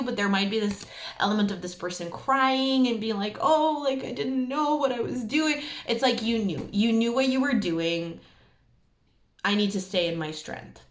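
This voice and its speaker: A woman gives a casual tarot reading straight to the camera, her voice sitting at a middle pitch. She talks in a chatty, emphatic way and leans on fillers as she goes. The room around her gives a clear, roomy echo. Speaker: tarot reader.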